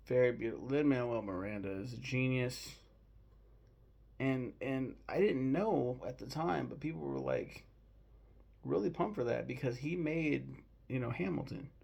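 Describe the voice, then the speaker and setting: Gravelly-voiced young man gushing about films. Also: mid-range voice, darkish tone. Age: 20s. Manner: candid, swears freely, emotional and gushing. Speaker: movie vlogger. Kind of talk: casual rambling film talk.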